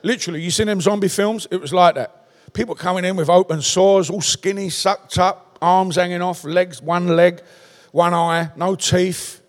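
High-voiced Cockney preacher in a reverberant hall. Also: male voice, moderate pace. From London, England. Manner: animated storytelling with crowd call-outs. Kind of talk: sermon.

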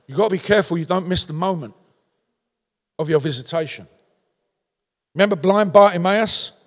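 A man's voice: high voice, normal speed, in a large hall. A man preaching a sermon in a conversational way, tossing out rhetorical questions in a large church.

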